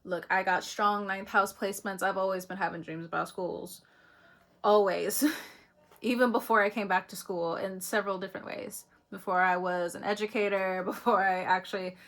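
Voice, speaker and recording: A woman with a mid-pitched voice talks through an astrology reading straight to her viewers. Her delivery is loose and conversational, broken up by frequent laughs and casual swearing. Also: fairly bright tone. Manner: chatty, laughs often between phrases, swears casually. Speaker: astrology reader. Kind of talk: casual spiritual reading to camera.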